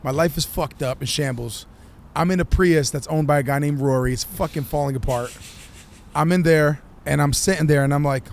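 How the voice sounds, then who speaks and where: A man, a musician guest on a podcast, telling his story in an animated, profane way and acting out what people said. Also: a little high, fairly quick, gravelly. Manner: animated, profane, acts out quotes.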